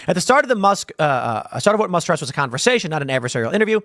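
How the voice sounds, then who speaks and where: A man's voice: high voice, very animated, racing, a bit bright, dry recording. A man hosting a commentary show, talking in a rambling, jokey way with lots of asides, from a studio room. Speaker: host.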